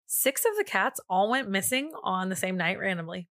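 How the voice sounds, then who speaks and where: Bright-voiced woman co-hosting a chatty podcast. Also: medium pitch, sing-song, moderate pace, no room sound, clean studio sound. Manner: chatty, retells events loosely with many "like" fillers. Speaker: podcast co-host. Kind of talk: casual chat and storytelling.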